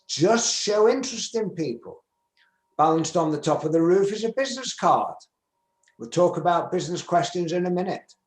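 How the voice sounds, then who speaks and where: An older man with a northern English accent gives an emphatic conference presentation, his voice sitting a touch high. He acts out little sample conversations as he goes. The sound is roomy and echoey. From England, Manchester. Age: 70s. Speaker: business skills speaker. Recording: roomy echo.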